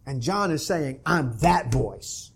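A man's voice: mid-range voice, lively intonation, slow, gravelly, husky. A man preaching a sermon, reading scripture aloud and rising sharply in emphasis when he quotes it. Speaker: pastor.

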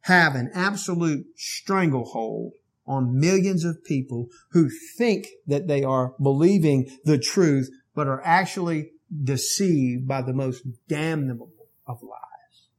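A male pastor preaching a sermon, moving between quiet verse-by-verse teaching and loud, emphatic exhortation. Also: a little high.

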